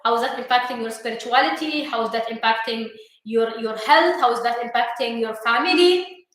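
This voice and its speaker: Emphatic high-voiced woman with Arabic accent. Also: brisk, a bit bright. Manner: emphatic, repeats questions for stress. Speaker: co-host, coach. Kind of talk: live motivational talk. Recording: very echoey room.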